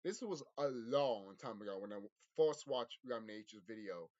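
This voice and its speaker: A man's voice: mid-range voice, animated, normal speed, a little mellow. A man vlogging a rambling spiritual monologue, intense and profane, often repeating himself and restarting his sentences. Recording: dull lo-fi audio.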